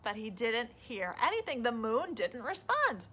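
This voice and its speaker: A woman librarian reading a picture book aloud at a children's storytime, animated and asking the kids questions. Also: a little high, measured pace, hardly any pauses, a little hiss or hum.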